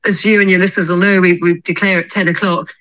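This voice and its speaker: A woman racehorse trainer being interviewed on a podcast, explaining her plans in a thoughtful, measured way. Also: on the low side, little pitch movement, fairly bright tone, rough recording.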